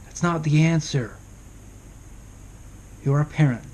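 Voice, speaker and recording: High-voiced young man giving advice. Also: takes it slowly, darkish tone. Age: young adult. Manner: chatty, rhetorical questions. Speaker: vlogger. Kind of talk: casual advice monologue.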